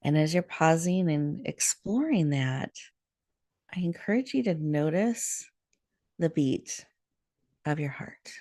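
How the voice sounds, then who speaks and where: A woman hosting a show, leading listeners through a guided breathing meditation in a soft, soothing way over a video call. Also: deep voice, animated, dry recording, clean studio sound. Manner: soft, slow, soothing guidance. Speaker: host.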